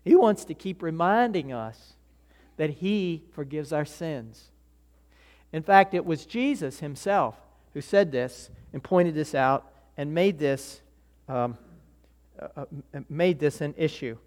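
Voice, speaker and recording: Slow and darkish in tone, this man's voice runs on the high side with lively intonation as he preaches. The pastor tells stories casually, acts out voices, and frequently restarts sentences, all under long hall reverb.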